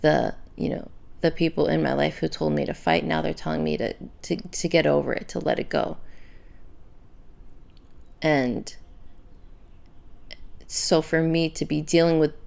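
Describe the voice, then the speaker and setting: Podcast host, young woman, low and gravelly, candid, halting, emotional. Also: darkish tone. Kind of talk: personal faith-based podcast monologue.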